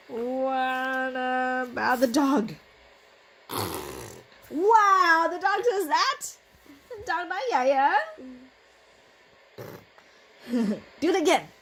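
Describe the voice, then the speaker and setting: A Vietnamese-native mother sits at home with her toddler at bedtime, coaxing and playful and quick to laugh. Her voice sits high and she takes her time over the words, with a faint hiss of noise under the home recording. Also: a bit bright. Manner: coaxing, playful, laughing often, mixing two languages.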